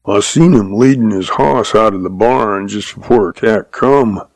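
A man's voice: fairly low pitch, a little slow, no echo. A man voicing a surly, sneering cowboy in an audiobook, with a drawl. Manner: sneering, growling.

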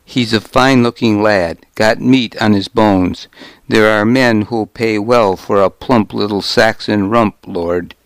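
Sly, crude soldier, deferential but mocking, voiced by a male reader; low and unhurried. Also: dry recording. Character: crude, sly male warrior, a lord's man.

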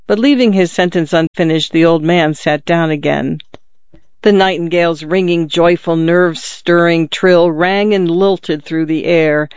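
High, smooth-voiced male narrator. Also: dry recording. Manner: measured, expressive reading. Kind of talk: scripted narration. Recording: slightly dull, dry lo-fi recording.

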